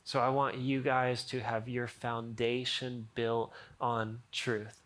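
A male pastor preaching in a church, talking to his congregation like friends. His voice sits at an ordinary middle pitch, and he cracks jokes and reads scripture aloud with growing energy. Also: level tone, takes it slowly, fairly bright tone. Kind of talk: sermon.

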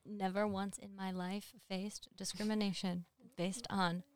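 A woman's voice: medium pitch, little pitch movement, measured pace, clear, resonant tone. A woman, a guest on a podcast, chatting casually and making playful remarks. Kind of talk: casual chat.

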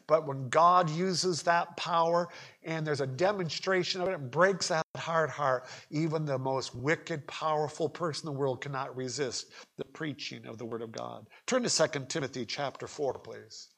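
A man preaching a sermon at a church pulpit, swinging from quiet asides to shouted emphasis, with folksy humor and questions to the congregation. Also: fairly high pitch, normal speed, creaky. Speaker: pastor. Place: church sanctuary.

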